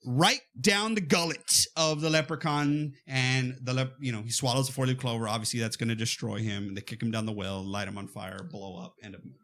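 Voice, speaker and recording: A man chatting casually about a horror comedy, retelling scenes with lively acted-out quotes and frequent fillers. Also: medium pitch, fairly quick, hardly any pauses. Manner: animated storytelling, acts out quotes. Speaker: podcast co-host. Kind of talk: casual movie chat.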